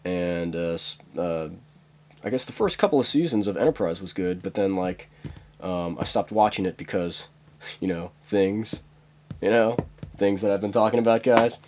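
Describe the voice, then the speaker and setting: A man's voice: deep voice, normal speed, a little mellow. A man rambling through a comic monologue, full of fillers and chuckling at his own jokes.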